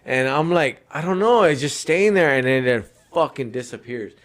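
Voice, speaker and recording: A man's voice: medium pitch, expressive, moderate pace, a bit bright. Rambling, profane male podcast host. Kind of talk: casual storytelling chat.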